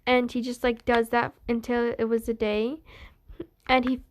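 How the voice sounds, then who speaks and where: Slow, rambling woman telling a story. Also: a little high, level tone. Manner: meandering, full of restarts and "being like". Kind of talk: rambling spoken retelling of a fan story.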